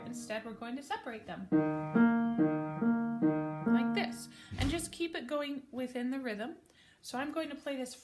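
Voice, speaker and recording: A woman giving a casual piano lesson, explaining chords plainly and correcting herself now and then. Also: fairly high pitch. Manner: casual, friendly explaining with small self-corrections. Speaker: piano teacher. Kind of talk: relaxed spoken piano lesson. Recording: piano playing between talk.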